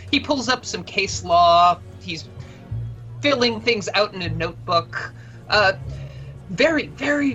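A woman's voice: medium pitch, sharp tone, poor audio. A woman running a tabletop role-playing game, narrating scenes in a casual, chatty way with fillers and laughs. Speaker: game master.

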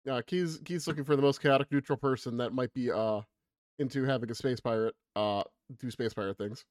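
A man playing a tabletop game, excitable and stammering. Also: mid-range voice, brisk, no echo, studio quality. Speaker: player. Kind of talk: casual tabletop game play.

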